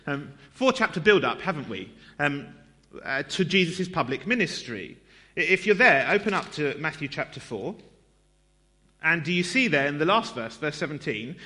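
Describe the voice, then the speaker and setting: A man with a sharp, higher-pitched voice preaches in a church in a conversational way. His sermon is self-deprecating and talkative, loaded with filler words and side remarks to the congregation.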